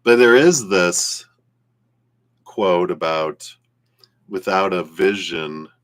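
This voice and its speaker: A man's voice: deep voice, slow. A man giving a casual live-stream tarot reading, rambling and laughing easily. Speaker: tarot reader.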